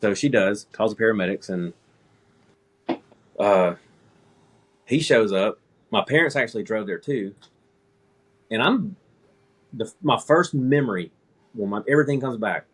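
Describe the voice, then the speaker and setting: A low, husky male voice tells a story in an easygoing way, laughing at his own mishaps. He is a man in his thirties talking with friends. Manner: relaxed anecdotal storytelling, laughing at himself. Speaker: air traffic controller, guest. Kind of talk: casual storytelling.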